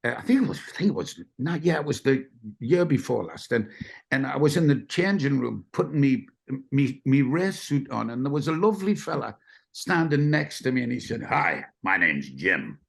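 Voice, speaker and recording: A man's voice: medium pitch, expressive, a little fast. An older man, a guest telling rambling, self-deprecating racing stories in casual chat. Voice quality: gravelly.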